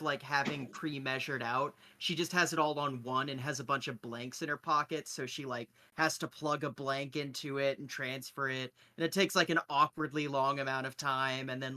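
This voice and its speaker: A man's voice: fairly high pitch, sharp tone. A man playing a tabletop game, describing his character's actions casually with lots of fillers. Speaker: player.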